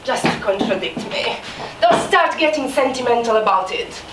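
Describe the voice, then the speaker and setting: An actress on stage playing a bitter, resentful maid who talks with sarcasm and sudden outbursts. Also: female voice, fairly high pitch, animated, normal speed, natural voice. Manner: sarcastic, mocking, swings into outbursts. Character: bitter, resentful young maid, scornful and fierce. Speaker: stage actor. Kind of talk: live stage drama. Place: small theatre stage. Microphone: distant room mic. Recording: echoey theatre from far off, faint noise.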